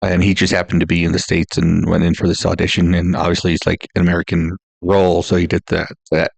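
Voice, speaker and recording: Low gravelly man chatting about movies. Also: completely flat delivery, fast, no echo. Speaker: podcast co-host. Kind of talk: casual movie podcast chat.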